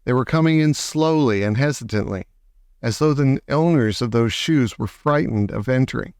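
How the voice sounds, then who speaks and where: A man's voice: mid-range voice, no room sound. Male audiobook reader, dry close sound. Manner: measured, expressive reading. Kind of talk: storybook narration.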